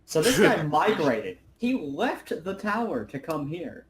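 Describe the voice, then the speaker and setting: Higher-voiced man, halting game chat. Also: big pitch swings, a little hiss or hum. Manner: hesitant, filler-heavy talk. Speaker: player.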